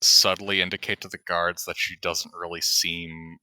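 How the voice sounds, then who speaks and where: A man's voice: low voice, level tone, normal speed, bright, forceful tone, no echo. A man playing a character in a tabletop game, chatting casually and animatedly. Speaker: player.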